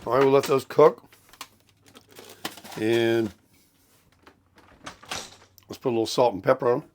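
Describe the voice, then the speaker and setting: A middle-aged man casually vlogging his morning routine. He rambles chattily to the viewers while cooking, drifting from one small story to the next in a relaxed, unscripted way. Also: medium pitch, a little slow, a little hiss or hum. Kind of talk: casual morning vlog chat. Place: home kitchen, RV.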